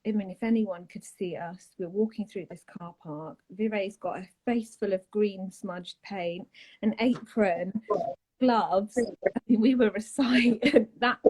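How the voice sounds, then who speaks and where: A woman, a guest telling a painful personal story in a soft, halting way, often trailing off and starting again. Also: mid-range voice, low-quality recording. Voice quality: husky, breathy. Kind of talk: emotional personal account on a live chat.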